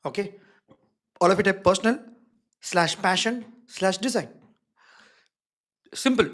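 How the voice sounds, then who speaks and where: A man's voice: sits high, moderate pace, fairly bright tone. A man teaching a live online design workshop, stressing key words and checking in with the audience again and again. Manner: emphatic, repeats key words. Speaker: design instructor.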